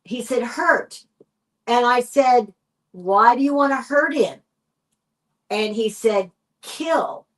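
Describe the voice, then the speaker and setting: A woman with a Texan accent recounts a paranormal encounter at an unhurried pace. Her voice sits fairly high, and she slips into the quoted lines as she tells it. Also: low-quality recording. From United States. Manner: animated retelling, acting out quoted dialogue. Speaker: guest paranormal investigator. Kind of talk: storytelling in a podcast interview.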